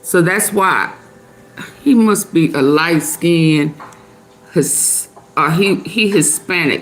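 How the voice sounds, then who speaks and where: With a fairly low voice and a slow pace, the middle-aged woman hosts her live stream over faint music. She chats with viewers, reading and replying to their comments aloud and laughing frequently.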